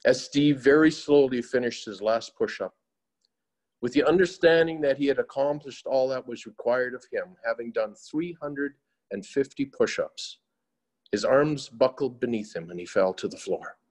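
A man narrating a moral story in a slow, solemn, often quiet way. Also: medium pitch.

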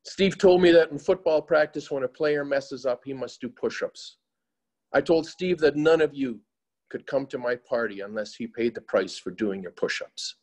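Male reader doing a grave, gentle professor; slow, solemn, mid-range voice. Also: medium pitch, natural voice. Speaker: teacher.

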